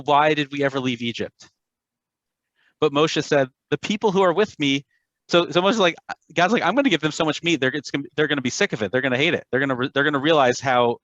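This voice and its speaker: A man reads scripture to a class and keeps stopping to explain it in lively, plain asides. His voice sits at an ordinary pitch. The sound is dry and a little dull, like a lo-fi recording. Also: no echo. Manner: animated, breaks in with asides and explanations. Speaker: class facilitator.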